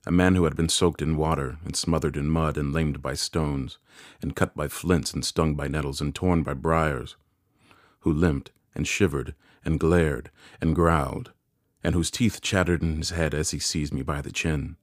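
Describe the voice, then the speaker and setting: A man narrating a classic novel in a measured, deliberate reading. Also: very deep voice, fairly even intonation, no echo, clean studio sound. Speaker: audiobook narrator.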